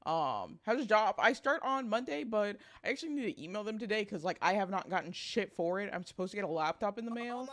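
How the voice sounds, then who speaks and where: A woman's voice: medium pitch, animated, fast talker, few pauses, fairly bright tone, soft background music. A young woman streaming, chatting casually with a sleepy morning voice, laughing often and greeting chat.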